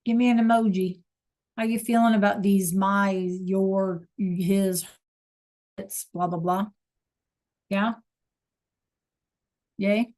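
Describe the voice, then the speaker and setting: A woman's voice: medium pitch, level tone, slow pace, long pauses, a little mellow. A woman teaching an online Spanish class over a video call, encouraging students to answer in the chat.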